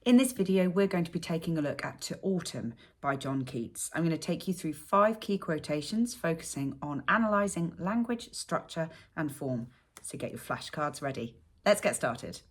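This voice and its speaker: A woman's voice: low voice, animated, normal speed, rough recording. A woman teaching poetry, walking through a poem line by line and stressing key words. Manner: thinking aloud with fillers, stressing key words. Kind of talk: literature lesson with close reading.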